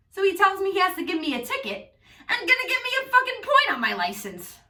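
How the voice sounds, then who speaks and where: A woman with a thick, exaggerated Long Island accent tells a comic story, swearing freely and sounding fed up and goofy. Her voice is bright and swoops up and down. The sound is echoey and she is a little off-mic. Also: high voice, wildly swooping pitch, normal speed, long pauses, recorded from a distance. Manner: profane, exasperated and goofy. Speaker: comedian. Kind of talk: comedic storytelling monologue.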